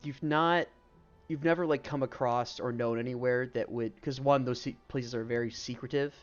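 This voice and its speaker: A man's voice: mid-range voice, steady tone, moderate pace, dull audio, soft background music. A man running a live-streamed tabletop game as game master, talking loosely with lots of "um" and "like". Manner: loose and rambling, full of "um" and "like".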